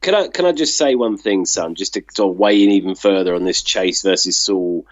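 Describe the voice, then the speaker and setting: A man's voice: low voice, fairly quick, dry recording, muffled recording. A man co-hosting a casual sports chat, talking in loose, rambling runs full of fillers. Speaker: podcast co-host.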